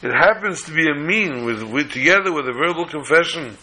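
Bright-voiced man giving a halting sermon. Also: on the high side, animated, poor audio. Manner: measured, halting, restarts phrases. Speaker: Torah teacher. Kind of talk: sermon on the weekly Torah portion.

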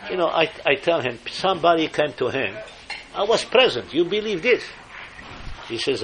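An older man tells a story during a sermon, and his voice sits a little high for a man. He talks in animated, emphatic bursts and drops Hebrew phrases into his English. A faint hiss runs under the recording. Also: normal speed. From Morocco. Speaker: speaker giving a religious talk.

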